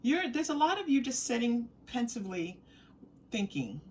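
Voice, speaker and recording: A woman's voice: a little high, big pitch swings, moderate pace, a little hiss or hum. A woman giving a tarot reading to her viewers, chatty and giggly, repeating phrases as she thinks aloud. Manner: giggly and warm, often breaking into laughter. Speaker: tarot reader.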